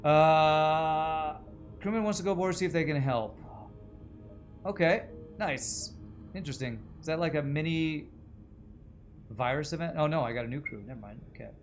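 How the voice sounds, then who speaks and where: A man's voice: fairly high pitch, expressive, brisk, long pauses, faint music behind. A man streaming a video game, chatting casually with viewers and musing aloud about voices and accents as he plays. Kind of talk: casual gaming livestream chat.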